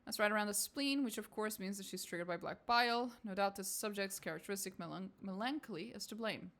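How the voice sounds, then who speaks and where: A fussy, self-important scholar woman who reels off her findings briskly and clinically in a game, as a woman reading it aloud puts her on. Her voice sits at a plain middle pitch for a woman. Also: fairly bright tone, lightly acted. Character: pompous, fussy female scholar of souls.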